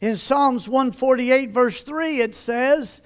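High-voiced older man preaching slowly. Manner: folksy, self-deprecating, reads scripture in King James cadence. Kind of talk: folksy sermon with scripture reading.

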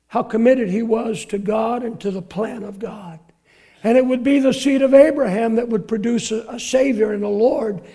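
A man preaching a sermon, reading scripture with emphasis, shouting some quotes and dropping to quiet asides for the congregation. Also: extremely high pitch.

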